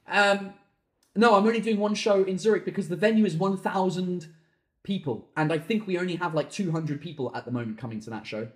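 This high-voiced man is a comedian alone on his podcast, overheated and sweaty in a cramped room, echo bouncing around him. He fields listener questions by ranting and cursing, flipping fast into yelling.

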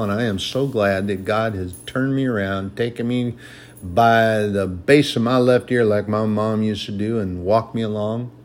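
A man preaching a sermon with emphasis, repeating his points for stress and reading scripture in a raised, slow voice. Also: on the low side, a little mellow, a little hiss or hum.

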